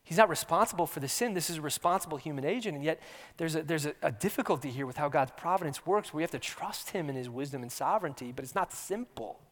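A man preaching an earnest sermon, repeating his words and shifting between hushed near-whispers and loud emphasis. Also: a little high, lively intonation, fast talker. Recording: long hall reverb.

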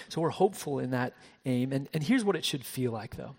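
A man preaching a sermon as pastor, shifting between soft hushed passages and raised emphatic ones, often repeating words as he restarts. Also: medium pitch, animated, a little fast, husky, in a large hall. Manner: frequent word repeats and restarts.

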